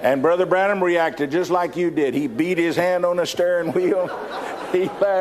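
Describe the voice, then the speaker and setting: A folksy older man with a Texan drawl, telling a story from the pulpit. His voice sits a bit high for a man, and he tends to repeat a word or two before getting a sentence going. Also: fairly even intonation, moderate pace. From Texas. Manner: folksy, anecdotal, repeats words when starting sentences. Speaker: preacher giving a testimony. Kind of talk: storytelling sermon.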